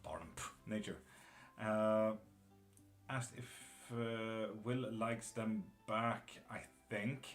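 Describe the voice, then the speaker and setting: A man's voice: fairly low pitch, steady tone, takes it slowly, soft background music. A man reading tarot live, chatting casually and bluntly with viewers, calling them by name and swearing now and then. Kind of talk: casual live-stream chat.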